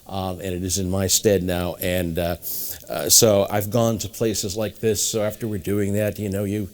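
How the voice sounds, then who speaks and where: Low-voiced man telling rambling stories. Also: flat delivery, normal speed, darkish tone. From New England, USA. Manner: rambling anecdotal storyteller, acting out quoted voices. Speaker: guest mentalist. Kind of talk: storytelling interview.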